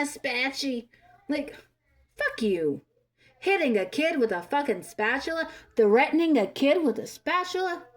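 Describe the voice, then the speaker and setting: A woman in her thirties delivering an angry, profane commentary rant, scolding bluntly. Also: medium pitch. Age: 30s. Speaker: vlogger.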